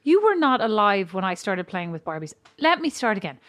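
A woman's voice: mid-range voice, very animated, a little fast, dry recording. A woman with an Irish accent co-hosting a chatty podcast, rambling and restarting her sentences and laughing often. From Ireland. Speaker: podcast co-host. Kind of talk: casual chat.

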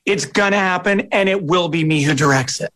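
A middle-aged man, a film director, answering interview questions in a relaxed, chatty, self-deprecating way. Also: sits high, brisk.

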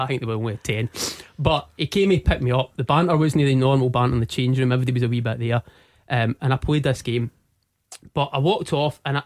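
A Scottish man in his forties tells his own story in a dry, close-sounding recording. He speaks earnestly and haltingly, stumbling over and repeating words as he goes. His voice sits at a middle pitch. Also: no room sound. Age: 40s. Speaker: interview guest. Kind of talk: personal storytelling.

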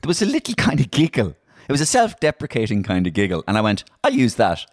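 A middle-aged Irish man, a comedian and impressionist, telling stories in a casual interview, animated and full of restarts. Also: mid-range voice, fast. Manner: animated, storytelling, many restarts.

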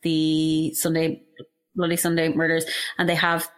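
A woman's voice: low voice, completely flat delivery, a little slow, soft background music. A young woman in casual chat, talking with heated emotion and frequent swearing. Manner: impassioned, emotional, swears freely.

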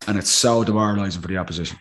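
A man's voice: on the low side, rapid-fire. A man, a former player, analysing a match in casual podcast talk and acting out what players think. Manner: animated, acts out players' thinking.

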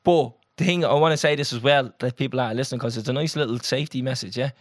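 A young Irish man co-hosting a podcast, telling a story in an animated, sweary, casual way. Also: medium pitch, quick pace, dry recording, studio quality. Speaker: podcast co-host. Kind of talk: casual chat.

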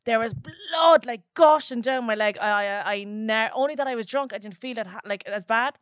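A woman with an Irish accent, co-hosting a casual chat podcast as an animated, self-mocking storyteller. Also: fairly high pitch, normal speed, no echo, clean studio sound. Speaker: podcast co-host.

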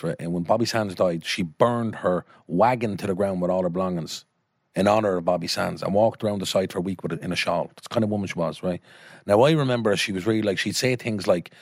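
A low-voiced Irish man tells a story with lively energy, cursing freely and acting out the people in it. The sound is dry and close. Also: dry recording. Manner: animated, swears freely, acts out voices. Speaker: guest storyteller, filmmaker. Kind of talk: casual storytelling.

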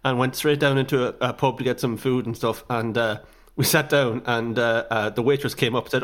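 A man's voice: medium pitch, brisk, hardly any pauses. An Irish man co-hosting a podcast, joking bluntly in casual chat. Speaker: podcast co-host.

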